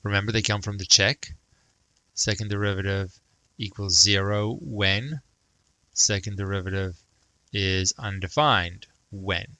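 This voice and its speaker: A man's voice: on the low side, fairly even intonation, unhurried, bright, forceful tone, no room sound, poor audio. A man teaching math, thinking aloud and muttering to himself as he sketches a graph. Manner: self-talk, mutters, jokes about praising himself.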